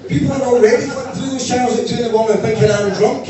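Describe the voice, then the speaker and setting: Glaswegian stand-up comic, higher voice, far and echoey live room. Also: male voice, fairly quick, crowd noise. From Scotland. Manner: animated storytelling, bursts into loud shouting impressions. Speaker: stand-up comedian. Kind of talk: stand-up comedy set. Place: live venue with audience. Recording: echoey distant room mic with noise.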